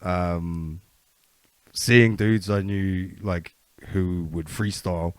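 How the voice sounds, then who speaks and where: A man's voice: low-pitched, fairly even intonation, extremely slow, clean tone, dry recording. Young New Zealand man, casual podcast co-host, storyteller, dry close sound. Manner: laid-back storyteller, swears, slips into mocking voices. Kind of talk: casual chat.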